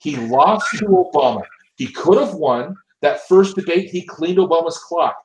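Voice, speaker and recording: A man's voice: a little high, sing-song, moderate pace, poor audio. A man giving opinionated casual commentary, emphatic and often repeating and restarting his words. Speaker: political commentator.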